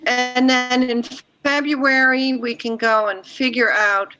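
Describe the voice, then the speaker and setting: Bright-voiced halting woman chairing. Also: high-pitched, fairly even intonation, faint music behind, low-quality recording. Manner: halting, many restarts, laughs at the topic. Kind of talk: casual meeting discussion.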